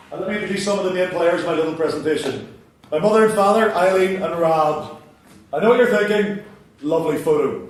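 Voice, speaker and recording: A man's voice: on the high side, a little hiss or hum. Sardonic Belfast man telling stories on stage. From Northern Ireland. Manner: dry, sardonic, self-mocking. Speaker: writer performing a solo show. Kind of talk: stand-up storytelling. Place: large theatre hall. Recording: echoey hall, from far off.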